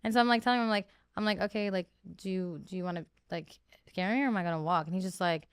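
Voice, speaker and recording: A young woman in her twenties telling stories as a podcast guest, animated and profane, jumping up in pitch and volume when she acts out quotes. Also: very fast, clear, resonant tone, dry recording, clean studio sound. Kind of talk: candid storytelling interview.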